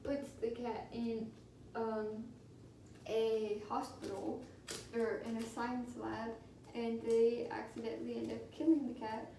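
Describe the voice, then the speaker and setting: A woman co-hosting a podcast, improvising a story in a casual, halting way, in a very echoey room with a distant mic. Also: a little high, level tone, vocal fry, dark tone, slight background noise. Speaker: podcast co-host.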